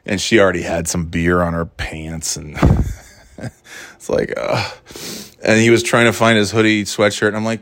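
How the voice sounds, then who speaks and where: A man spins a rambling, profanity-laced story in a low-pitched voice. The sound is dry and close, with no room echo. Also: unhurried, pauses often, a bit bright. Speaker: parent telling a story. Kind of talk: casual storytelling monologue.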